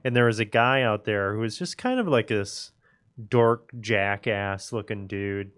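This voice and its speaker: A man's voice: lowish voice, expressive, measured pace, a bit bright, clear, resonant tone. A man co-hosting a podcast, telling a rowdy story with lots of swearing and laughter. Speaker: podcast co-host. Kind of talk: casual chat.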